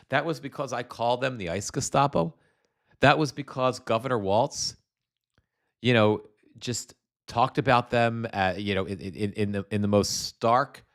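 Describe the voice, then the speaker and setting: Hosting a political livestream, a middle-aged New Jersey man speaks at medium pitch. His rant is casual and profane, packed with fillers and restarts, and he reads chat comments out loud along the way.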